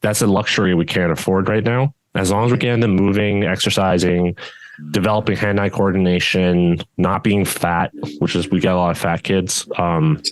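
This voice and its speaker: Low-voiced male judo coach, casual podcast co-host, even unchanging tone, rambling delivery, dry close sound. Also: moderate pace, no room sound. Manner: steady tone that does not rise even when louder; rambling, with many restarts and fillers.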